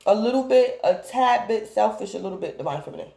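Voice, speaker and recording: A woman's voice: mid-range voice, lively intonation, fast talker, vocal fry, mellow. A woman talks through a tarot spread in a loose, rambling way, circling back again and again to address her viewers. Her voice sits in an ordinary middle range. The room around her is echoey. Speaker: tarot reader. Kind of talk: casual tarot reading to camera.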